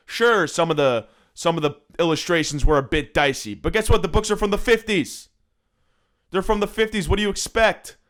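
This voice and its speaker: A man's voice: fairly high pitch, a bit bright. A young man hosting a podcast, ranting sarcastically with plenty of swearing, recorded on his phone at home. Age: young adult. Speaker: podcast host. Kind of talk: solo comedic rant. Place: room at home.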